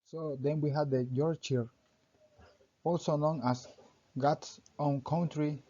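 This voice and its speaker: Young male student reading his presentation, mellow voice, careful and halting, muffled lo-fi sound. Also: fairly high pitch, fairly even intonation. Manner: halting reading, often restarting sentences with "so". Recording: dull lo-fi recording.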